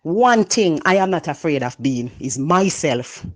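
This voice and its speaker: Jamaican woman, motivational speaker, loud, passionate, patois-laced talk. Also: low-pitched, expressive, measured pace. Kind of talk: motivational monologue.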